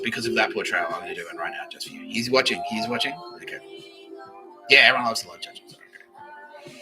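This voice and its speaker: A man hosts a comedy livestream in a rambling, profane monologue, laughing as he goes. His pitch swings widely and lively while music plays behind him. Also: poor audio. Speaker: podcast host.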